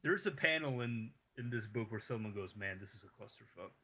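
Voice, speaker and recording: A man co-hosting a casual podcast, chiming in with low-key dry remarks. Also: animated, a little fast, a crowd in the background. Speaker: podcast co-host. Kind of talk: casual chat.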